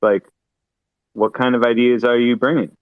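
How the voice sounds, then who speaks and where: A man's voice: mid-range voice, level tone, moderate pace, dry recording, phone-quality sound. A man chatting on an online voice call, talking in a rambling, thoughtful way. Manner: rambling, thoughtful, many fillers and restarts. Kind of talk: casual voice chat.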